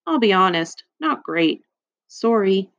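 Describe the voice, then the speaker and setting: A woman's voice: medium pitch, very animated, slow, fairly bright tone, no echo, heavily acted. A woman reading a storybook aloud, voicing an earnest, thoughtful young boy in hospital. The recording is dry and slightly dull.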